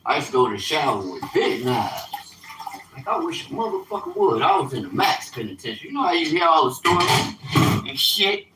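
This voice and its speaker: A man in his fifties telling stories on a casual livestream, animated and streetwise, with sudden loud outbursts. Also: medium pitch, fairly quick, echoey room, slight background noise, poor audio. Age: 50s. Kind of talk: casual storytelling.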